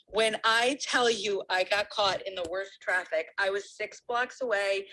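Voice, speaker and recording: A woman telling a lively personal story as a guest on a call-in talk show. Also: mid-range voice, normal speed, hardly any pauses, low-quality recording. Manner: lively, animated storytelling with laughs. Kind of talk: casual storytelling.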